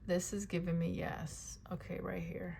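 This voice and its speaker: A woman with a gravelly, slightly low voice reads tarot cards in a loose, chatty way. She repeats her phrases and keeps checking in with "right?" and "okay?". A faint hiss runs under her voice. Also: flat delivery, a little slow, mellow. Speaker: tarot reader. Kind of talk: casual tarot reading.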